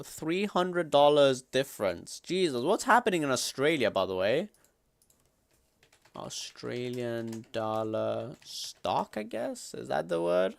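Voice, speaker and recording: Young streamer bloke, slangy and excitable, dry close sound. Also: male voice, medium pitch, slow, vocal fry, no echo. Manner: loud, slangy, excitable outbursts. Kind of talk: casual reaction commentary.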